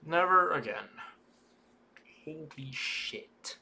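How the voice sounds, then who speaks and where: A man's voice: fairly high pitch, lively intonation, very slow, vocal fry, pushed and bright, a little hiss or hum. Swearing young man ranting over gameplay. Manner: swearing, exasperated ranting at the game. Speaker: gaming YouTuber. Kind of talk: casual let's-play commentary.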